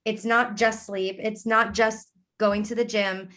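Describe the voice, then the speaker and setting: A woman hosting an interview, upbeat and affirming, talking in quick casual asides. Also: medium pitch, level tone, a bit bright. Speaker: podcast host. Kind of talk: conversational interview.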